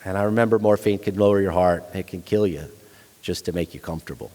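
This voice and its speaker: A retired Army staff sergeant, middle-aged, talks fast in a low, mellow voice as guest lecturer. He shares a frank personal war story full of blunt soldier humor, and his voice carries the long reverb of a large lecture hall.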